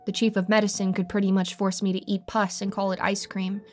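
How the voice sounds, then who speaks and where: A woman narrating a horror story in the first person with an even, steady delivery. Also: mid-range voice, a little fast. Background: faint music.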